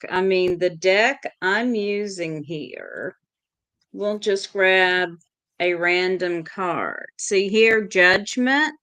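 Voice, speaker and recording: Very slow Southern woman, bright clear voice. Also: fairly low pitch. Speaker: co-host. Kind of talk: casual chat on a livestream.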